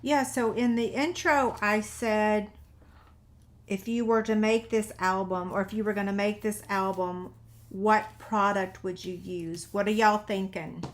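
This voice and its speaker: Chatty woman, slow talker. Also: mid-range voice, steady tone. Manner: chatty and self-deprecating, talks to viewers while working. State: runny nose. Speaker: paper-craft video host. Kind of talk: casual crafting tutorial chat.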